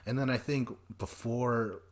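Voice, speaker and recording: A man hosting a podcast, recapping a reality show in a rambling, profane way and acting out quoted people in quick voices. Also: medium pitch, steady tone. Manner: rambling and profane, jumps between notes. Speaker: podcast host.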